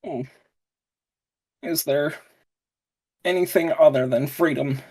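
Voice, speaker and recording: A man playing a tabletop game in halting, clipped grammar, referring to himself in the third person. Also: medium pitch, steady tone, a little mellow, husky. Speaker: player.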